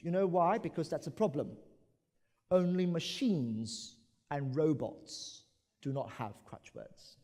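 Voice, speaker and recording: A man from Brunei delivers an animated conference talk and keeps acting out his examples. His voice sits a little high for a man, and it carries a long reverb through a large conference hall. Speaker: conference speaker.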